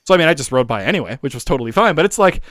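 Calgary guy ranting about his commute, lots of swearing, bright lively voice. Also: fairly high pitch, racing, dry recording, studio quality. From Calgary, Canada. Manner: swears a lot, stumbling restarts. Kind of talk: casual chat.

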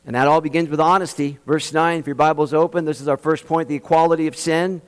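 Male pastor, sermon, emphatic, pace swings from quick asides to slow stress, fairly high voice, long hall reverb. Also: fairly even intonation, smooth. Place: church in Austin, Texas.

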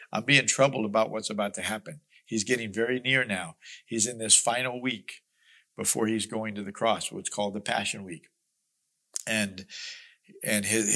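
A man with a fairly low voice and a sharp tone leads a Bible study, reading scripture aloud and explaining it. His manner is earnest, emphatic and conversational, with asides and small restarts.

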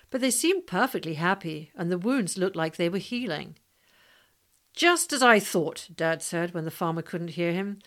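A woman narrating a memoir-style story in a steady, storytelling manner. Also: on the low side. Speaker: audiobook narrator. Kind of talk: scripted narration.

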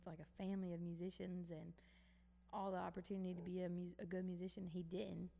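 A woman's voice: lowish voice, creaky, warm tone, big-room sound. A young woman co-hosting a casual chat, telling stories with lots of "like" and swearing. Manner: storytelling, frequent "like" and swearing. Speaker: podcast co-host.

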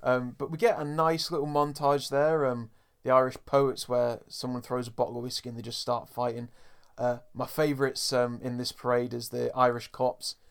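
A man's voice: mid-range voice, level tone, vocal fry, clear, resonant tone. Chatty man recapping a show. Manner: chatty recapper, drops into quick character impressions. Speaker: podcast co-host. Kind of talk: casual podcast chat.

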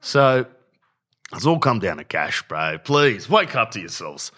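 Man, podcast host, casual rant, blunt and slangy, slightly low pitch. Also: big pitch swings, measured pace, sharp tone. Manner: blunt, slangy, keeps saying "bro".

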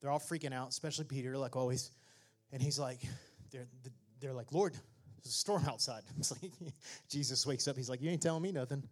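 A male pastor preaching a sermon, joking with the congregation and then building to shouted exhortations. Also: medium pitch, fairly quick, few pauses. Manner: swings from conversational asides to shouted preaching; jokey, laughs at own remarks.

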